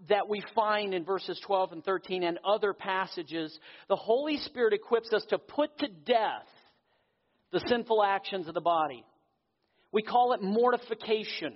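Male pastor, sermon, earnest, slightly high voice, long hall reverb, dull audio. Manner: earnest preaching, with pauses and slowed emphasis.

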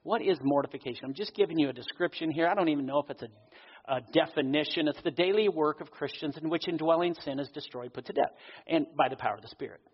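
A man preaching a sermon as pastor, earnest, slowing down for emphasis. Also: on the high side, slightly rough. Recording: dull audio with long hall reverb.

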